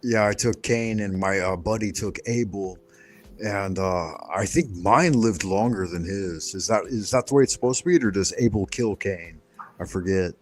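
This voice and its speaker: Male stream host, low voice, laid-back storyteller, casual swearing. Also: moderate pace. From United States. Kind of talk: casual chat.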